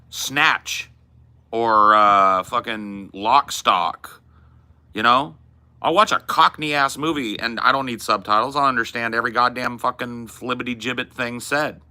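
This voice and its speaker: A man's voice: medium pitch, pushed and bright. A man hosting a podcast, riffing in casual, profane and emphatic chat about movies. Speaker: podcast host.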